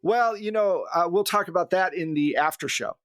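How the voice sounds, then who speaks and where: A man narrating a tabletop role-play as game master in a relaxed, conversational way. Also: sits high, moderate pace, no room sound.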